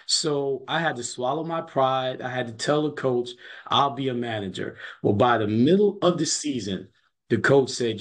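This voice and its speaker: A man's voice: mid-range voice, normal speed. A man who coaches basketball, telling stories in a casual interview, earnest and often repeating his words as he goes.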